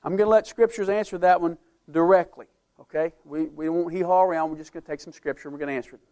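Male pastor, slightly higher voice, emphatic sermon delivery with chatty asides. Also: steady tone, quick pace. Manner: emphatic preaching, rising and falling loudness; conversational asides to the congregation.

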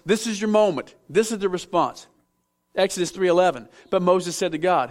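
A man preaching a sermon, reading scripture and acting out the figures in it while calling on the congregation to respond. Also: high voice. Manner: animated, acts out biblical figures, asks audience to respond. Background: audience in room.

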